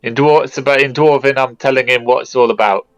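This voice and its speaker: A man playing a tabletop game, chatty and quick to laugh. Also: medium pitch, fairly even intonation, muffled recording, faint music behind. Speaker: player. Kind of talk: casual tabletop play.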